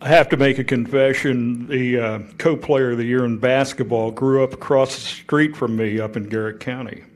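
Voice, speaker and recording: A man emceeing an awards banquet in a relaxed, folksy way with a few fillers. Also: mid-range voice, normal speed. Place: banquet hall.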